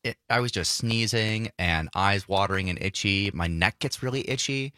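Young male co-host, congested, low but bright tone, easygoing talk. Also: moderate pace, smooth, no room sound, studio quality. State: stuffy nose. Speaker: radio co-host. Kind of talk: casual radio talk.

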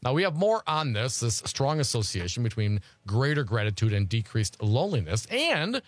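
Animated male talk radio host. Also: mid-range voice, fairly quick, dry recording, faint music behind. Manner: reads news articles aloud and riffs on them. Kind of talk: casual talk radio chat.

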